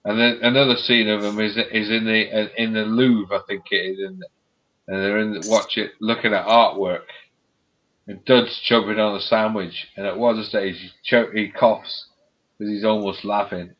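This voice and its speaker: A man's voice: on the low side, steady tone, moderate pace. A man chatting on a live stream, retelling comedy sketches with laughter and plenty of swearing. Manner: laughing storyteller, acts out quotes, swears freely. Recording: dull lo-fi stream audio.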